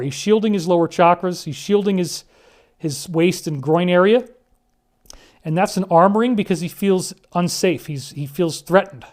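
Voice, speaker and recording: Earnest, high-pitched man pleading. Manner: earnest, conspiratorial, pleading, with many restarts. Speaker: speaker presenting disclosure claims. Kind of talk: emotional commentary over photos.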